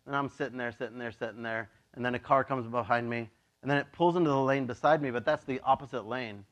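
A man preaching a casual, joking sermon as a pastor, chatty and animated, acting out voices in his stories. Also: mid-range voice, fast. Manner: chatty, with many "like" and "you know".

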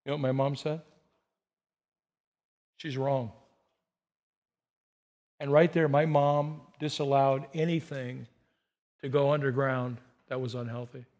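A middle-aged man preaching a personal, story-driven sermon, talking conversationally and moving between loud emphatic bursts and soft, hushed asides. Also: medium pitch, little pitch movement, moderate pace, muffled recording. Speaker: pastor.

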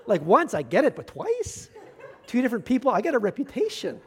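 A man, a pastor, giving a conversational sermon with self-deprecating humor and slow, emphatic stresses. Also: very high-pitched, very animated, breathy edge.

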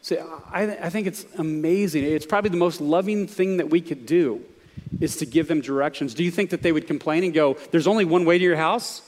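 A man preaching a sermon in a fairly high voice. He talks with his listeners more than at them, asking them questions as he goes. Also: brisk, a little mellow, long reverb tail. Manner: conversational preaching, asks the audience questions. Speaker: pastor.

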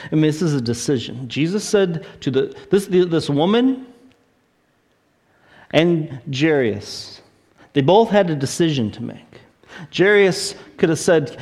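A man preaching a sermon, retelling a story with animated, acted-out voices. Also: mid-range voice. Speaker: pastor.

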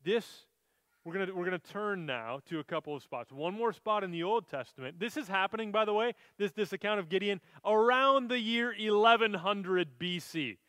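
Pastor, male, high voice, earnest sermon delivery, dry close sound. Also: normal speed, fairly bright tone, no echo. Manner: earnest, reads scripture aloud then explains it.

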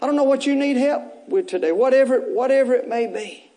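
A man's voice: very high voice, fairly quick, mellow. A pastor preaching an Easter sermon. He repeats phrases to urge the congregation on and breaks in with casual, joking asides. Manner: repetitive, exhorting preaching with bursts of raised intensity.

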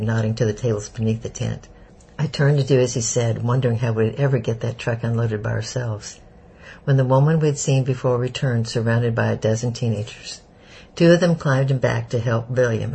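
A man narrating an audiobook in a steady, measured way. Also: medium pitch, gravelly, a little hiss or hum, poor audio.

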